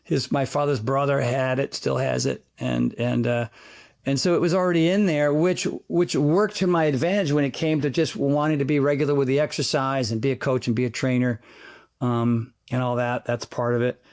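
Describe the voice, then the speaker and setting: A man, a fitness trainer, chatting as an interview guest, telling animated, rambling stories peppered with sound effects. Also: medium pitch, moderate pace, vocal fry. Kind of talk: casual interview chat.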